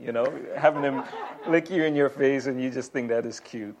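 A man preaching a Bible teaching in a relaxed, conversational way, with asides and frequent repeated words. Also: mid-range voice, moderate pace. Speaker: pastor. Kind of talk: sermon teaching.

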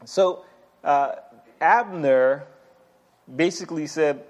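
A man's voice: fairly high pitch, expressive, unhurried, a little mellow. Conversational man teaching a sermon. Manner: conversational, with asides and chuckles, repeats words. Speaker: pastor.

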